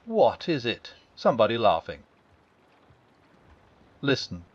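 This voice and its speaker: A kind young boy who speaks with excited concern, as a male reader gives him voice. The lines rise and fall in a lively way. The recording is dull and lo-fi. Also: mid-range voice, slow pace, slightly rough, no room sound, exaggerated voice. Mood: eager. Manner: excited and caring. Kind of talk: storybook reading.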